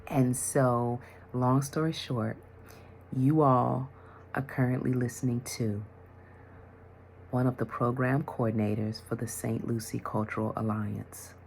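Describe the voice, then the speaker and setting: Very low gravelly woman vlogger. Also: unhurried, slight background noise. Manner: animated storytelling, acts out conversations. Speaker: vlogger, mental health worker and yoga teacher. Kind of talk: casual storytelling vlog.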